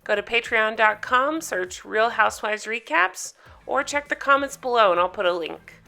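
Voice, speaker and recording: Bright, sarcastic woman recapping reality TV. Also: on the high side, normal speed, vocal fry. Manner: sarcastic, gossipy, animated. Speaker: podcast host recapping reality TV. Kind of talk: casual recap monologue.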